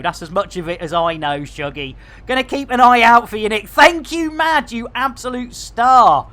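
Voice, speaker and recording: A man's voice: very high voice, expressive, moderate pace, hardly any pauses, bright, forceful tone, slight background noise. A middle-aged man with a Barnsley accent, chatting through a live game stream in a jokey way full of catchphrases. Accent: Barnsley, Yorkshire. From England. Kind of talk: live gameplay stream chat.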